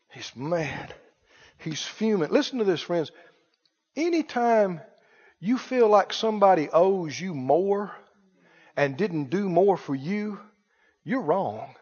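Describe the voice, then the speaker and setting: A preacher giving a sermon, telling a story in a folksy way with lots of repetition. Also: male voice, sits high, animated, takes it slowly, pauses often, darkish tone, slightly rough. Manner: folksy storytelling, acts out dialogue, repeats phrases. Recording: echoey hall, dull lo-fi sound.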